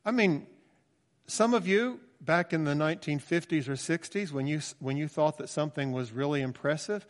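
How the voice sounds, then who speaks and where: A man in his sixties preaching a conversational, emphatic sermon with asides in a church. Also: fairly high pitch. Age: 60s. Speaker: pastor. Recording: long church reverb.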